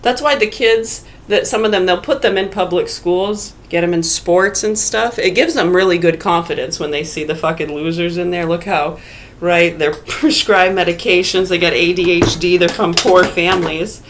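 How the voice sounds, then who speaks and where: Speaking at normal speed in a lower voice, a woman delivers a casual, argumentative rant to imagined listeners. She's blunt, swears, and keeps firing off rhetorical questions.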